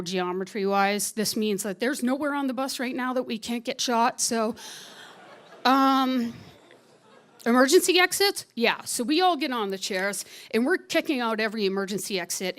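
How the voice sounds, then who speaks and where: A woman telling a true story on stage at a live story slam, lively and wry, often laughing as she talks. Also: a little high, moderate pace.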